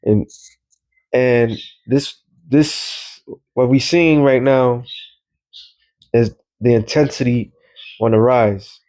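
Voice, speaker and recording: A man's voice: mid-range voice, steady tone, takes it slowly, pauses often, darkish tone. Rambling man. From New York. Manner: rambling, loose, streetwise talk. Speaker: religious commentator. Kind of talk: casual commentary vlog.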